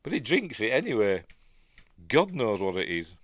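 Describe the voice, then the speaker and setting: A man's voice: fairly low pitch, very animated, normal speed, a bit bright, no echo. A man with a Yorkshire accent talks through a film in a casual, rambling way, full of ums and asides. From Yorkshire, England. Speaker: film reviewer.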